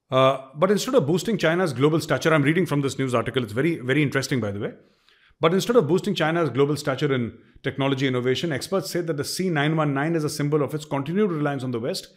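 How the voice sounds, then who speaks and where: A middle-aged man with an Indian accent delivers opinion commentary in an emphatic, forceful way. He hammers his points home through repetition. His voice sits at an ordinary mid pitch for a man. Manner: forceful, emphatic, repeats for stress.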